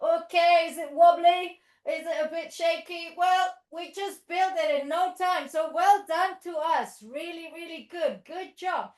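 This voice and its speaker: A woman's voice: very high voice, unhurried, few pauses, darkish tone. A woman leading a toddler yoga class, praising and guiding the children through a playful animal story. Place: yoga studio. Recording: echoey room.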